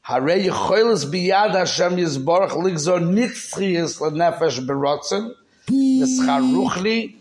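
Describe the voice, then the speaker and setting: A man's voice: on the high side, a little mellow, slight background noise. A man teaching a Torah class, mixing Hebrew terms into his explanations and checking in with his listeners.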